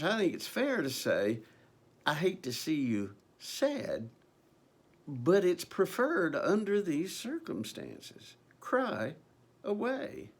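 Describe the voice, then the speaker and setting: A man preaching a conversational sermon, earnest and unscripted, with frequent ums and restarts. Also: medium pitch. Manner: earnest, conversational, with many ums and repeated phrases.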